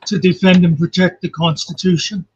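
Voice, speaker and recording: A man's voice: high-pitched, steady tone, normal speed, slight background noise. A man talking casually on a livestream, rambling and reflective, filling gaps with "you know". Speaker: guest commentator. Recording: muffled lo-fi call audio.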